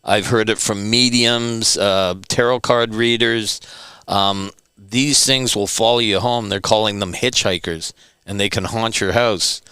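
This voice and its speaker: A man, a returning guest, telling stories in an animated, emphatic way and repeating words for stress. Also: lowish voice, unhurried, clean tone, no room sound. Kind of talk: animated storytelling.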